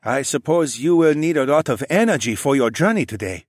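A man's voice: a little high, lively intonation, brisk, no room sound, studio quality, pitched above the performer's own voice. A man voicing a friendly, helpful young man in an audiobook.

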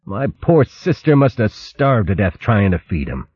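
A man voicing a gruff, boisterous female otter aunt who shouts and teases in rough, rustic grammar. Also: fairly low pitch, very animated, measured pace, dry recording, dull audio, heavily acted.

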